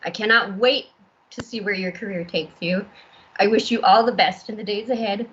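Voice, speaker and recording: A woman's voice: medium pitch, normal speed. A woman presenting an award, nervous and laughing now and then as she speaks. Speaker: art instructor presenting an award. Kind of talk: emotional award speech. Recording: dull lo-fi sound.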